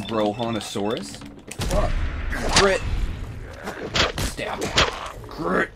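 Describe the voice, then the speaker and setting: A man with a sick voice giving casual, excitable commentary over his gameplay, swearing and shrieking high-pitched battle cries. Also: takes it slowly, creaky, long pauses, very noisy. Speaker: gaming video host.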